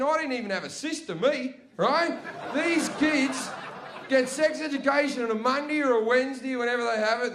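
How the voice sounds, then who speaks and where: A young man doing a crude, swearing stand-up comedy set on a club stage. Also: noisy background. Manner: crude, swearing, loud jumps in pitch and volume.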